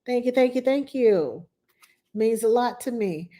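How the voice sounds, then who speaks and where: Chatty woman, mellow voice. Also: a little high, lively intonation, measured pace. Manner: chatty, rambling, with frequent fillers and laughs. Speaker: nanny hosting a live Q&A stream. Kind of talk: casual live-stream sign-off chat.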